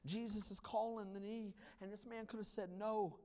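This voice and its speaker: Man, pastor, church sermon, dynamic, hushed to loud, joking asides. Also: high-pitched, little pitch movement, moderate pace. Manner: dynamic preaching, swings from hushed to loud, jokes with congregation.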